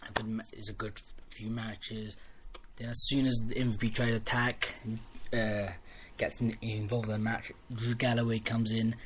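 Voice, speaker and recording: A man giving a casual spoken review of a wrestling show, rambling and excitable, restarting sentences as he retells the matches. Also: fairly low pitch, moderate pace, a little hiss or hum. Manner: rambling, excitable recap with restarts and quoted lines.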